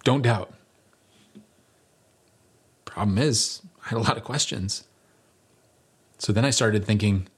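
A male pastor with a low, husky voice delivers a conversational sermon. He is earnest and builds to emphatic peaks, easing the mood with light humor along the way. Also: takes it slowly, pauses often.

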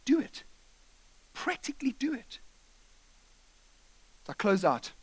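Speaking slowly in a very high voice with a breathy edge, a male pastor delivers a sermon full of animated stories, acting out the voices of the people in them.

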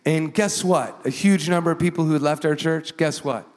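A man preaching as a pastor, telling a story with animated delivery and acting out the voices of the people in it. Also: a little high, moderate pace, long reverb tail. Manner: animated, acts out quoted voices. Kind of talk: sermon storytelling.

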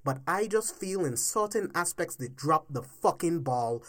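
A woman hosting a solo podcast, ranting heatedly and with lots of swearing, swinging between low mutters and loud outbursts. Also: lively intonation, unhurried. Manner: heated, profane, emphatic ranting. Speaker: podcast host.

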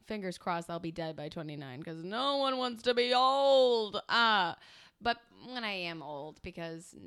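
A woman's voice: mid-range voice, sharp tone, clear, resonant tone. A young woman improvising comedic banter, dramatic and self-absorbed, rambling with lots of filler words.

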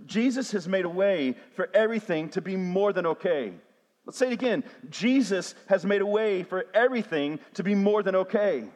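High-voiced pastor preaching. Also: male voice, normal speed, a little mellow. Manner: call-and-response preaching, repetitive refrains. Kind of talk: sermon. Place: church sanctuary. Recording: long hall reverb.

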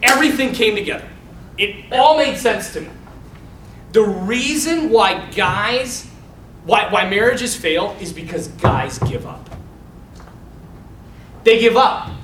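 A man's voice: sits high, lively intonation, slow pace, long pauses, fairly bright tone. A man, a Catholic priest, giving an informal talk to a men's group, telling stories animatedly and laughing often. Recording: echoey room, mic far off, faint noise.

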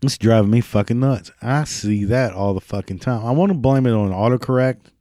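A man's voice: medium pitch, brisk, dark tone, dry recording, studio quality. A man ranting in a sarcastic, mocking, profane monologue. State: prone to coughing fits.

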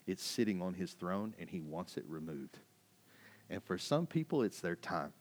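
A man's voice: sits low, big pitch swings, normal speed. A man preaching a sermon as a pastor, emphatic and conversational, full of rhetorical questions.

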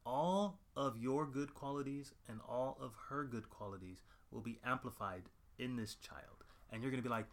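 A man's voice: medium pitch, normal speed, hardly any pauses. A man in his thirties co-hosting a casual podcast, ranting with crude jokes and strong emphasis. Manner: crude, joking, emphatic rants. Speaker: podcast co-host. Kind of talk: casual chat.

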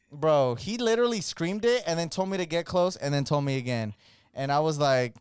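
A man co-hosting a podcast, telling stories in a casual, slangy, animated way and acting out the voices of people he quotes. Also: a little high, moderate pace, clear, resonant tone, dry recording, studio quality. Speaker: podcast co-host. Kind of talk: casual storytelling chat.

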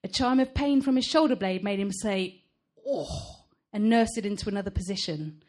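A woman author reading her own novel aloud at a live event, measured and expressive. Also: medium pitch.

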